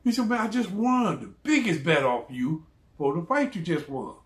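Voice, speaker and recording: A man telling a story in a casual, animated way, laughing often and acting out the people he quotes. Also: on the high side, moderate pace, reverberant.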